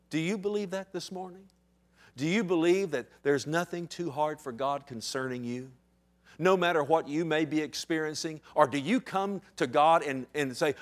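Guy in his 30s preaching, talky then punchy, a bit high pitched. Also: lively intonation, brisk. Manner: conversational, building to emphatic. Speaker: pastor. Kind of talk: sermon.

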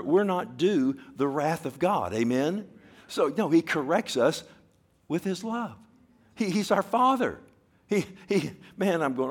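A man preaching a sermon who keeps asking the congregation "Amen?". He swings from loud emphatic bursts to low, quiet asides and often repeats words as he goes. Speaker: pastor.

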